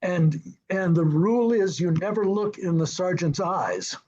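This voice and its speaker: An older man, a film director, telling anecdotes in an interview, lively and chuckling as he acts out what others said. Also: sits high, unhurried, muffled recording. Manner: lively, acts out quoted dialogue, chuckles often.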